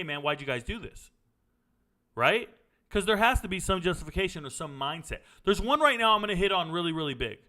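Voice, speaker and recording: Man, middle-aged, bright tone, slightly high pitch, blunt, opinionated, casual chat. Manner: blunt, opinionated, drifts into stories. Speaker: sports commentary host answering viewer questions.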